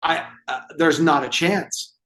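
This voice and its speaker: Animated storytelling man, slightly high voice. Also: a little slow. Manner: animated storyteller acting out dialogue. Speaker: movement therapy expert guest. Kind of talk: storytelling in an interview.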